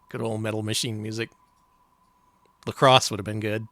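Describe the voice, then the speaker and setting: A man's voice: lowish voice, fairly even intonation, takes it slowly, dry recording. A man co-hosting a retro game stream, chatting casually and making dry jokes. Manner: wry, joking, often laughing. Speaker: stream co-host. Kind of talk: casual chat. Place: home stream setup.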